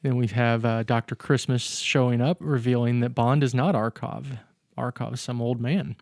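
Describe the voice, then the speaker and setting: A man's voice: medium pitch, steady tone, normal speed, darkish tone, no echo, clean studio sound. A man co-hosting a podcast, casually recapping a film's plot step by step with fillers. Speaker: podcast co-host. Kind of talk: casual chat recapping a film.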